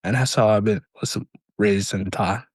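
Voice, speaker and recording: A man's voice: fairly low pitch, fairly even intonation, normal speed, breathy edge, no room sound. Hesitant man, stammering in casual chat. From Canada. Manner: hesitant, stammering, lots of backchannel agreement. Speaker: podcast co-host.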